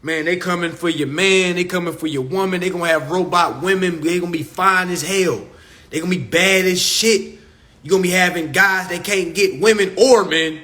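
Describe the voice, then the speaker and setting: Bright and forceful, this man's voice sits high as he rants at a moderate pace on a phone livestream. The social media host is profane and preachy, repeating his points with emphasis in an unscripted tirade.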